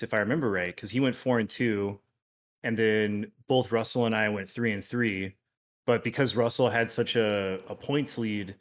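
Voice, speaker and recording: Male podcast guest, relaxed and low-voiced, trailing delivery. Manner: relaxed, trails off quietly at phrase ends. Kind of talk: casual podcast chat.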